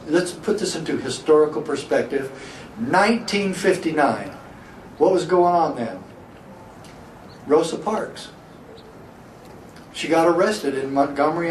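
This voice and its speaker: A middle-aged man, a sheriff, giving a public speech, telling a story and asking the crowd rhetorical questions. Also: sits high. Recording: echoey hall from far off, faint hiss.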